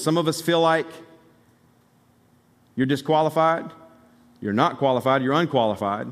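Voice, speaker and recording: A man's voice: mid-range voice, a little fast, pauses often. A man from Alabama preaching a sermon as pastor, in a conversational, emphatic style with asides to the congregation. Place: church sanctuary. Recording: long hall reverb from the sanctuary.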